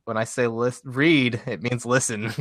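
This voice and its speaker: A man's voice: medium pitch, fairly even intonation, measured pace, fairly bright tone, no room sound, clean studio sound. A man co-hosting a podcast in casual chat, laid-back and self-deprecating, often laughing. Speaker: podcast co-host.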